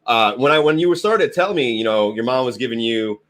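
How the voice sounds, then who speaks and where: A man hosting a casual interview and thanking his guest in a relaxed, slangy way. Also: medium pitch, a little fast. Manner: laid-back, appreciative, slangy. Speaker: interview host, team leader.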